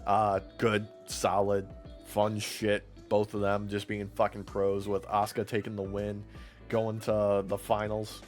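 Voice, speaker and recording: A man's voice: on the low side, completely flat delivery, a little slow, faint music behind. A man co-hosting a podcast, recapping wrestling in casual chat, swearing often and acting out what the wrestlers said. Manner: profane, laughing, acts out quotes in voices. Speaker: podcast co-host.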